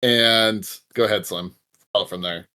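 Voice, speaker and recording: A young man co-hosting a podcast, telling a story in a relaxed, wry way, with curse words now and then. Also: fairly low pitch, normal speed. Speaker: podcast co-host. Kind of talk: casual storytelling.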